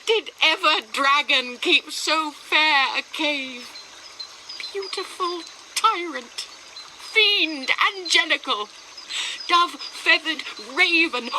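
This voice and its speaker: A woman reading the part of young Juliet, a torn teenage bride, declaiming Shakespeare verse in a slow, deliberate way. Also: very high-pitched, sharp tone, slight background noise, full character voice, low-quality recording. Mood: bitter. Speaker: reader of Shakespeare lines.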